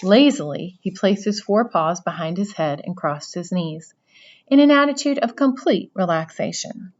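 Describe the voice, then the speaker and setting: A woman reading a children's novel aloud with steady storytelling narration. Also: on the low side, moderate pace, dull audio. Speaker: reader.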